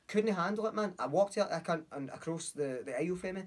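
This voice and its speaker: A young man with a Glasgow accent, telling a story in a casual chat, animated, acting out voices and swearing freely. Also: sits high, quick pace, few pauses. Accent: Scottish, Glasgow. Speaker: podcast guest.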